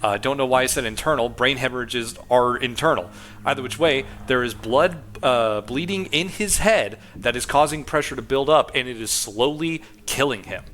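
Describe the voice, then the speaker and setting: A man's voice: medium pitch, moderate pace, a bit bright, a little hiss or hum. A young man, a streamer, casually recapping a game story in a rambling way with lots of fillers.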